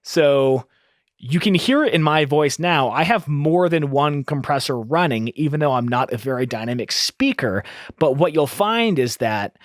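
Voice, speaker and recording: A man's voice: fairly high pitch, lively intonation, moderate pace, dry recording. A man hosting an audio tutorial, explaining step by step in an upbeat teaching manner into a close studio microphone. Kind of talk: screen-recorded audio tutorial.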